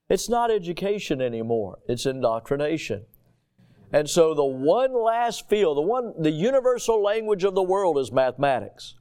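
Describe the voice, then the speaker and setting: A male pastor preaching a sermon emphatically, with rhetorical questions and drawn-out pauses. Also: fairly high pitch, warm tone.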